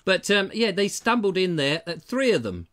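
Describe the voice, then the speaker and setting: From indoors in his terraced house, a man hosts a live-streamed comedy talk show, speaking to his audience with playful, theatrical asides. His high, slightly bright voice swings widely in pitch at normal speed.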